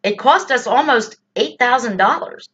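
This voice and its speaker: A woman's voice: on the high side, animated, moderate pace, fairly bright tone, dull audio. A woman giving indignant political commentary in a blunt, exasperated way, full of rhetorical questions and swearing. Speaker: political vlogger.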